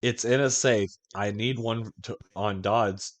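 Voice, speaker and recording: A man's voice: lowish voice, fairly even intonation, a little slow. A man co-hosting a podcast in casual chat, swearing often and telling rambling stories with frequent laughs. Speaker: podcast co-host.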